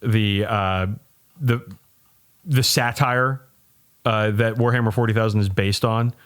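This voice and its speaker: A man co-hosting a comedy podcast, talking in an emphatic, profane way with frequent halting restarts. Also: on the low side, steady tone, clean tone. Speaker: podcast co-host. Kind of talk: casual chat.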